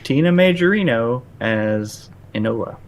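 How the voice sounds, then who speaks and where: A man co-hosting a movie podcast, briskly running through the list of categories. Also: medium pitch, lively intonation. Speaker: podcast co-host. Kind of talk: casual film discussion.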